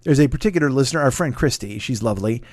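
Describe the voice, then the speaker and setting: A podcast host in his forties rambles through plugs on his own casual solo show, tossing in self-deprecating, profane asides. His medium-pitched voice has lively intonation and a darkish tone, and he talks very fast. The recording is dry and close-miked.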